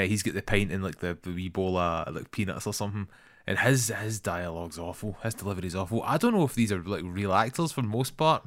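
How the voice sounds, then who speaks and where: A man's voice: low-pitched, a bit bright, no echo, studio quality. A Scottish man co-hosting a podcast, bluntly and animatedly criticizing a film in casual chat and swearing freely. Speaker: podcast co-host.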